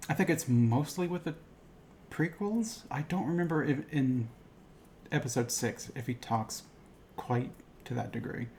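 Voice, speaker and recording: A man co-hosting a podcast in casual chat, opinionated and animated, swearing offhandedly. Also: mid-range voice, a little slow, long pauses, a little hiss or hum. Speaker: podcast co-host.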